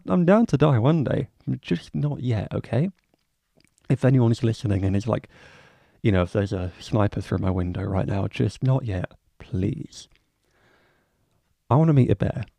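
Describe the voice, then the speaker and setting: Rambling young man, gravelly low voice. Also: mellow, no echo. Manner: rambling, swears freely, self-mocking asides. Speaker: podcast host. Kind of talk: casual solo podcast monologue.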